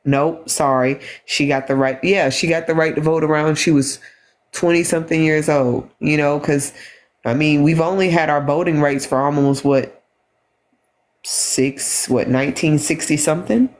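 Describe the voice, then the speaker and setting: A tired woman talking on a phone livestream, halting and repeating herself as she speaks with emotion. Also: low-pitched, fairly even intonation. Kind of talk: emotional casual livestream talk.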